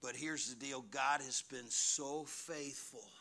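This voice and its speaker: A man preaching a sermon, telling stories and swinging from hushed asides to near-shouting. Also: mid-range voice, fairly even intonation, takes it slowly. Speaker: pastor.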